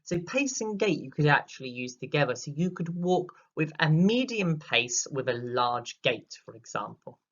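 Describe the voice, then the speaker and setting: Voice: mid-range voice, animated, normal speed, hardly any pauses, fairly bright tone, muffled recording. A drama teacher giving a recorded lesson, explaining patiently with many fillers and acting out examples.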